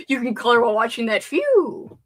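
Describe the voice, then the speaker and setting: A woman's voice: on the high side, big pitch swings, moderate pace. A young woman hosting a casual livestream, chatting to herself as she crafts and sometimes swearing under her breath. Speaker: livestream host.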